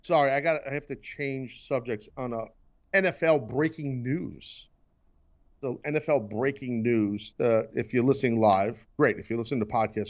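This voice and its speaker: A man's voice: mid-range voice, highs cut off. A man hosting a casual talk show, ranting in mock anger and teasing his crew. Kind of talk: casual sports and wrestling chat.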